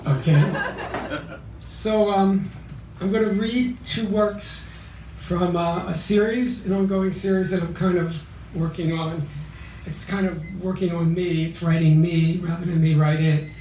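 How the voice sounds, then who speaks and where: A man in his sixties from Philadelphia, reading a memoir poem at a cafe open mic in a measured, deliberate way. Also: high voice, fairly even intonation, warm tone, slight background noise. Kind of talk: poetry reading of a memoir piece. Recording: roomy, distant cafe mic.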